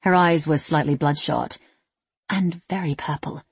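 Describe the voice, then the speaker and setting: Low raspy lady reading an audiobook, very dry close sound. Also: measured pace, no echo. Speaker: narrator. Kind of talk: audiobook narration.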